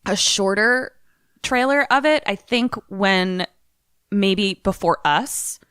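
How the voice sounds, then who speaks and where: A young woman co-hosting a podcast, retelling a movie trailer in casual chat, animated and swearing, with lots of "like". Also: mid-range voice, slow pace, smooth, dry recording, studio quality. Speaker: podcast co-host.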